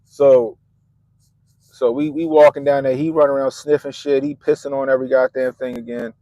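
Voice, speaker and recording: A middle-aged man on a podcast, telling a story in an animated, profane way and laughing at himself. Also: mid-range voice, normal speed, no echo, highs cut off. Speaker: podcast host. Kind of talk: casual storytelling.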